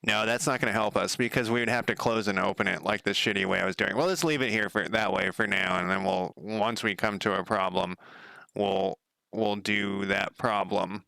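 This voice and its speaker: A man's voice: on the low side, steady tone, normal speed, vocal fry, bright, forceful tone, no room sound. A man giving rambling, profane casual commentary while coding on a live stream, laughing at himself. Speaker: game developer streaming his work.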